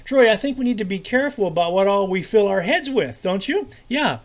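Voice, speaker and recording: A man teaching a children's devotional lesson in a friendly, halting way, full of fillers and repeated words. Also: high-pitched, very animated.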